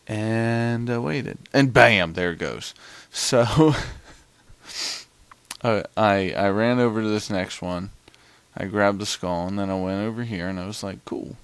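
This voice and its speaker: Low-voiced man rambling through gameplay. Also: gravelly. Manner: rambling, chatty storytelling. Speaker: gamer narrating gameplay. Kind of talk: casual gameplay commentary.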